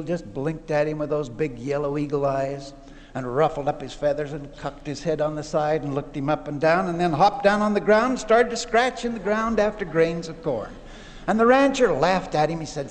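A man's voice: fairly high pitch, fairly quick, in a large hall. A man telling a folksy parable in a recorded conference talk, lifting his voice for the characters. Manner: folksy storyteller, voices characters with lively rises. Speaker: church leader telling a parable.

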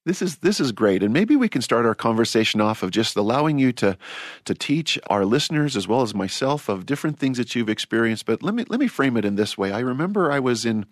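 A man's voice: mid-range voice, big pitch swings, brisk, no room sound, clean studio sound. A man hosting a church-themed panel discussion, telling stories in a reflective way and often restarting his words. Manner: storytelling, reflective, repeats words when starting. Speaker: host.

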